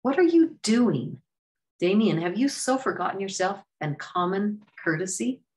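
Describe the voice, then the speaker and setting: A woman voicing an earnest young man who speaks with sincere reproach, higher than her narrating voice. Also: expressive, normal speed.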